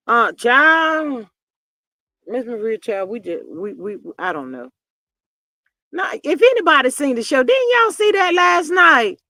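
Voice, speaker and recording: A woman's voice: on the high side, very animated, a little slow, bright, forceful tone, no echo. An older woman hosting a casual celebrity gossip stream, chatty and drawling as she talks to her viewers. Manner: chatty and drawling, acts out quoted people in voices.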